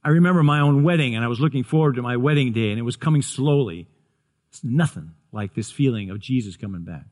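A pastor in his sixties delivers a sermon fast, his voice pitched in the middle range. Sincere and prone to repeating and restarting words, he builds toward excited shouts.

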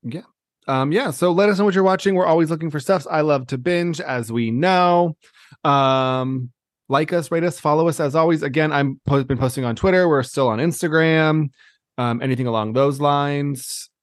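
A man's voice: a little high, normal speed, no echo, studio quality. Playful man co-hosting a chatty podcast. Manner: laughs often, playful teasing. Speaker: podcast co-host. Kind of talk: casual reality TV chat.

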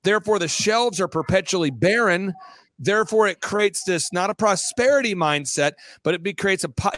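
A high-voiced man in his forties speaks as an interview guest in a dry, close recording. He is rapid and emphatic, packing his points with quips and little acted-out scenes. His energy stays pushed forward throughout. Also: animated, a bit bright, no echo. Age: 40s. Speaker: guest commentator. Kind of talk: animated interview talk.

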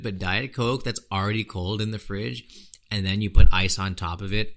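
A man's voice: lowish voice, fairly even intonation, normal speed, fairly bright tone. A man hosting a podcast, talking in a blunt, slangy, ranting way. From United States. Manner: blunt, slangy, ranting with lots of "dude" and "you know". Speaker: podcast host. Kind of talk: casual podcast monologue.

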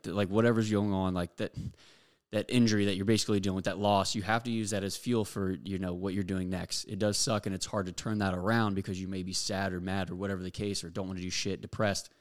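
A man's voice: deep voice, flat delivery, a little fast. A young man hosting a podcast, giving a blunt, profane motivational monologue full of fillers. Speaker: podcast host.

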